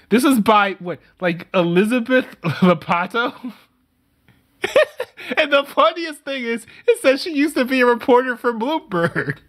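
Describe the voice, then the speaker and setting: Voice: mid-range voice, a bit bright. A speaker giving casual reaction commentary, mocking an article read aloud and laughing often between remarks. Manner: reads text aloud and scoffs at it.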